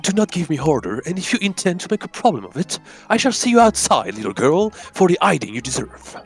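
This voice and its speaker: A man playing a snooty game gentleman, haughty, clipped, lively high-flung delivery. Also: fairly quick, faint music behind, exaggerated voice. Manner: pompous, clipped and scornful.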